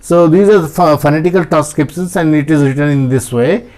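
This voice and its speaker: A man with an Indian accent teaching English pronunciation in a slow, repetitive classroom style. He switches between English and Hindi and drills words aloud in front of a board. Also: on the high side, a little mellow.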